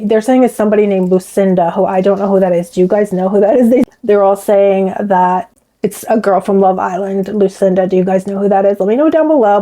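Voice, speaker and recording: A woman's voice: medium pitch, mellow, rough recording. A woman chatting to her viewers in a gossipy, talkative way. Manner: chatty, gossipy, addresses viewers as you guys. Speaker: commentary vlogger. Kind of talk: casual chat to viewers.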